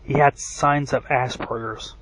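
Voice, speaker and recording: A man's voice: medium pitch, fairly even intonation, unhurried, background noise. A man ranting in a rambling, profane monologue, full of fillers and restarts, who says his own voice is bad. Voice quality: self-described bad voice. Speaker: wrestling commentary vlogger.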